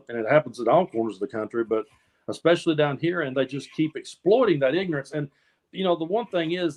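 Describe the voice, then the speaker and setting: A man's voice: fairly high pitch, darkish tone. A man from the American South co-hosts a casual news chat. He rambles earnestly and often restarts and repeats his words mid-thought. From Appalachian South, US. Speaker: co-host.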